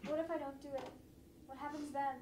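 A woman's voice: high-pitched, fairly even intonation, a little fast, close to an everyday voice. A woman playing a defiant young woman who keeps asking why. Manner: insistent questions, breaks into laughter. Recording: noisy roomy audio from far off.

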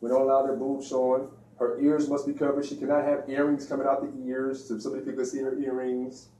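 A man's voice: mid-range voice, level tone, a little fast, warm tone, a little hiss or hum. A man giving an informal religious lecture in a preachy, slangy way, acting out the voices he quotes. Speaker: religious speaker. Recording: echoey room, distant mic.

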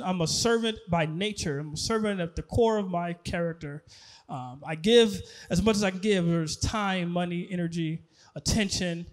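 This stand-up comedian's voice is very high-pitched. He performs conversations as part of his lively storytelling and keeps cracking up at his own jokes.

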